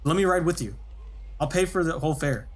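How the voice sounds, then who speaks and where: A man's voice: on the high side, lively intonation, a little fast, voice pushed up. A man doing a desperate, begging stranger. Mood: pleading. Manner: begging, urgent. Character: desperate pleading man in a hurry.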